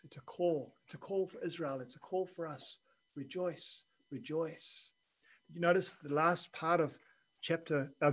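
A man preaching a sermon in an earnest, measured way, dropping quiet and then rising for emphasis. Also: a little high, low-quality recording. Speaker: pastor.

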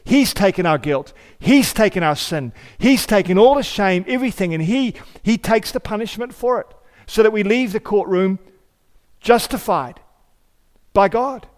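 A man's voice: high voice, lively intonation, moderate pace. A male pastor preaching a sermon in a church. He talks conversationally, asks rhetorical questions and repeats key phrases. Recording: long hall reverb.

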